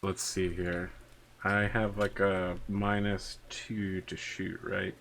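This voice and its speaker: A man's voice: low-pitched, little pitch movement, slow pace, gravelly, fairly bright tone, a little hiss or hum. A man narrating and running a tabletop wargame as game master, laid-back and thinking aloud.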